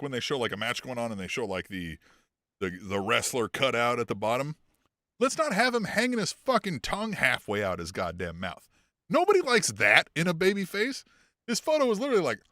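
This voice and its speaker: A man co-hosting a casual wrestling podcast, talking in a profane, animated way and laughing often as he goes. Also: fairly high pitch, dry recording, clean studio sound. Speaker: podcast co-host.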